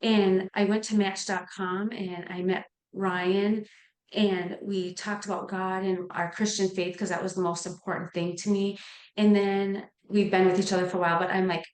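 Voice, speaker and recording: A woman's voice: medium pitch, fairly even intonation, normal speed. A middle-aged woman, a nurse, telling her personal story in an interview with earnest, heartfelt feeling. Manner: earnest, heartfelt, gets emotional. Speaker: nurse and life coach, podcast guest. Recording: echoey room.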